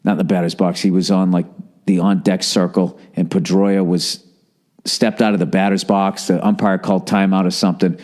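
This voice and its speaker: A man's voice: low voice, flat delivery, normal speed, a little mellow. A man hosting a podcast, telling a rambling, profane story in a casual, wry monologue. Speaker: podcast host.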